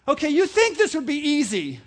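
High-voiced man preaching a funny story. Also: brisk. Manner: animated storytelling, laughs at own jokes, mimics voices. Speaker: pastor. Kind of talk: humorous sermon.

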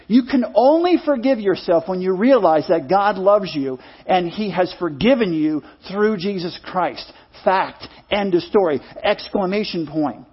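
A man's voice: high voice, breathy edge, dull audio. A middle-aged male pastor preaching a sermon in an earnest, repetitive style, leading the congregation in call-and-response.

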